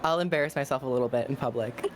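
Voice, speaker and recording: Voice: medium pitch, very fast, a little hiss or hum. A podcast guest in casual chat, talking in laid-back surfer-bro slang.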